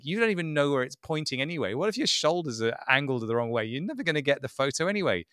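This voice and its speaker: A man co-hosting a casual tech podcast, talking in an animated, sarcastic way and mimicking people he mocks. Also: fairly high pitch, fast talker, hardly any pauses, clear, resonant tone, no room sound, clean studio sound. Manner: animated, mocking impressions, sarcastic. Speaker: podcast co-host.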